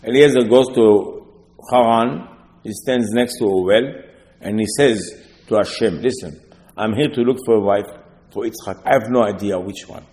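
A man's voice: lowish voice, normal speed, darkish tone. A man with preaching a sermon, telling stories with asides and rhetorical questions. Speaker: rabbi. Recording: long hall reverb.

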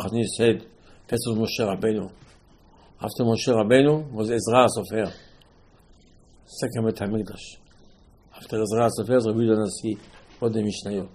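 A man teaching a religious lecture in an animated way, asking many rhetorical questions and restarting phrases as he builds a point. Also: fairly low pitch, slightly rough, low-quality recording. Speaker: Torah teacher.

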